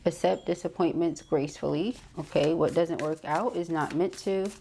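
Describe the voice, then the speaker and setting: A woman giving a tarot card reading, reading card messages aloud and explaining them, ending many phrases with a quick "okay?". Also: low voice, fairly even intonation, vocal fry, mellow, a little hiss or hum. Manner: reads card messages aloud then interprets. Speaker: tarot reader.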